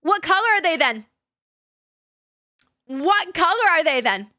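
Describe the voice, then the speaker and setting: A woman's voice: very high-pitched, very animated, unhurried, sharp tone, dry recording, clean studio sound. A woman streaming as a VTuber in casual chat, swearing freely and breaking into laughter often. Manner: profane and giggly, swears often and laughs a lot.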